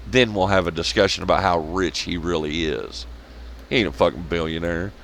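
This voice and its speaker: A man's voice: sits low, a little fast, creaky, fairly bright tone, slight background noise. A man giving blunt, sarcastic, profane commentary on a rant vlog, laughing at his own jokes. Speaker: wrestling commentary vlogger.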